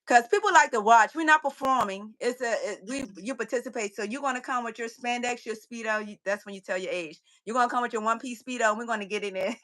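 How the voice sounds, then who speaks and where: Female guest, fitness business owner; bright, higher voice; animated, preachy motivational chat. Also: quick pace, hardly any pauses, poor audio. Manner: animated, preachy, repeats key phrases.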